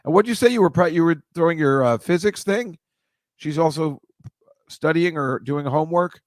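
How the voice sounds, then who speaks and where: A man's voice: on the high side, moderate pace, darkish tone, no echo. A man hosting a live stream, chatting casually with viewers and rambling through a story, cutting himself off and adding joking asides. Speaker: host reading viewer comments.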